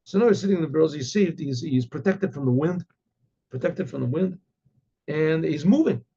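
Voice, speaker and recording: Gravelly rabbi telling a story. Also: male voice, on the high side, animated, warm tone, lo-fi sound. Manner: halting, with many restarts and throat clearing.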